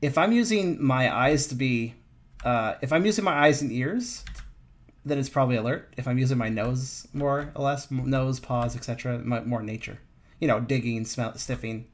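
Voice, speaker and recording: A man's voice: mid-range voice, normal speed. Rambling laid-back gamer guy. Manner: rambling, self-correcting, laughing often. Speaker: streamer and player. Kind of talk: casual chat over voice chat. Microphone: push-to-talk voice chat mic.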